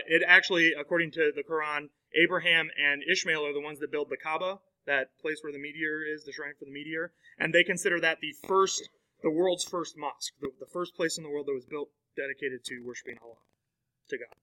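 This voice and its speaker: A man's voice: fairly high pitch, sharp tone, low-quality recording. A man teaching a classroom lecture in a conversational way, full of fillers and questions to his students.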